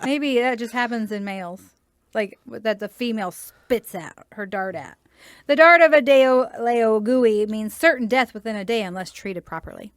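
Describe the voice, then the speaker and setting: A woman with a somewhat high voice reads strange legends on a podcast, then slips into quick jokes and laughter with her co-hosts. The sound is close and dry. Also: no echo. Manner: laughs between lines, reads legends with jokey asides. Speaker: podcast co-host reading cryptid stories. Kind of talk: casual podcast chat and reading aloud.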